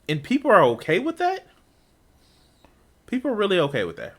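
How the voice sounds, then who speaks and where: A man's voice: high-pitched, wildly swooping pitch, brisk, pauses often, a bit bright. A man streaming a reaction to a debate, talking casually with profane, incredulous outbursts.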